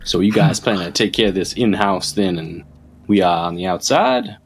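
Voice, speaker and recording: A man's voice: sits low, normal speed, creaky, slightly rough. A man playing a tabletop role-playing game, talking in a dry, pointed way. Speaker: player. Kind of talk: casual tabletop play.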